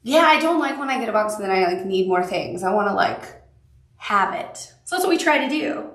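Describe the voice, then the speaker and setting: A woman's voice: medium pitch, animated, brisk, fairly bright tone, reverberant, far from the mic. A woman with a Southern accent leads a live quilting tutorial, chatty and upbeat, with cute little asides. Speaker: quilting instructor.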